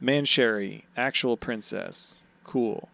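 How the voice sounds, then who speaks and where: A man's voice: mid-range voice, slow pace, vocal fry, bright, forceful tone, no echo. A man co-hosting a podcast in loose, joking banter, swearing a lot and hot and sweaty after working outside. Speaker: podcast co-host. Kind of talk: casual banter.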